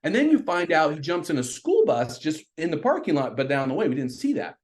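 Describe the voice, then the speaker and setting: A middle-aged man with a slightly higher voice tells a story in easy, casual conversation. He is animated and leaps into high voices whenever he quotes someone. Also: fairly quick. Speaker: podcast guest.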